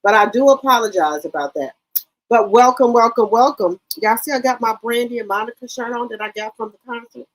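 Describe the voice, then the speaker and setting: A woman hosts a casual livestream and talks straight to her chat. Her voice sits a little high, and she is brash and loose-mouthed, swearing as she goes. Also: brisk, poor audio. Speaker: livestream commentary host.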